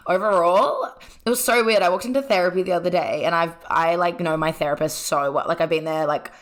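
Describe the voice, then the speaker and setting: A young Australian speaker from Sydney, telling stories animatedly with lots of slang and "like" as a podcast guest. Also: female voice, lowish voice, fairly quick. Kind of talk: casual podcast chat.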